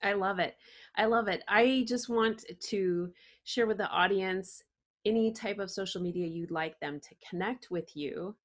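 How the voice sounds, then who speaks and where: A woman's voice: medium pitch, measured pace. Effusive woman hosting an interview. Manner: enthusiastic, effusive praise. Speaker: podcast host.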